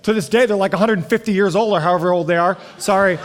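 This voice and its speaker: A man's voice: high voice, steady tone, quick pace. A middle-aged male pastor from the United States preaching a sermon, telling family stories and acting out the voices in them. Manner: storytelling, acting out family scenes. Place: church hall. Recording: long hall reverb.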